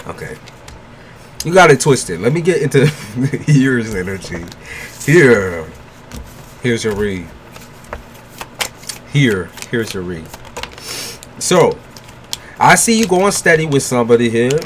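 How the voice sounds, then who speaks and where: This man reads tarot for viewers on a livestream. His talk is casual, profane and full of laughter, and his pitch rises and falls a great deal. When he reads the cards he turns blunt and frank. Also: very animated, slow pace, pauses often, a little hiss or hum. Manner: loose, joking and profane, laughs a lot; blunt, gives frank advice. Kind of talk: casual live chat with viewers, giving a tarot reading.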